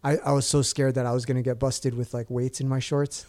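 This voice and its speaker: A man's voice: medium pitch, flat delivery, fairly quick, a little mellow. A man in his thirties casually telling a long story, rambling with lots of fillers and restarts. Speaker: guest.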